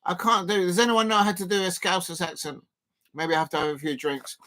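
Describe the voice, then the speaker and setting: A man streaming a live football watch-along, chatting loosely with lots of fillers and sudden bursts of excitement. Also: high voice, quick pace. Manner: rambling, filler-heavy, bursts of excitement at chances.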